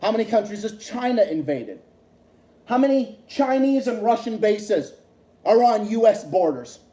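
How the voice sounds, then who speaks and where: Male streamer, high voice with a dark, mellow tone, swears and repeats himself as he rants in an echoey room. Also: big pitch swings, a little slow. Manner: profane, repetitive, heated ranting. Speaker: livestream host. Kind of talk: heated political rant on a livestream.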